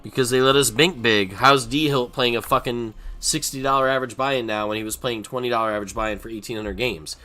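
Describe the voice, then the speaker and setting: A man streaming poker and ranting unscripted, profane, swinging between mutters and shouting. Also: mid-range voice, fairly quick, few pauses, faint music behind. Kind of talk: unscripted rant while playing online poker.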